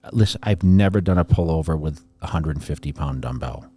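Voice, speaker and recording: A man's voice: a bass voice, a little fast, dark tone, breathy edge. A man hosting a casual podcast chat, steering it with questions to his co-hosts. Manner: leads with questions. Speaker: podcast host.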